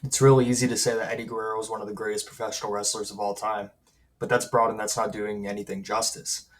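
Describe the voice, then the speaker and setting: A man's voice: lowish voice, little pitch movement, fast talker, distant mic. A man giving an emphatic wrestling opinion monologue that builds energy as he goes. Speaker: wrestling commentator.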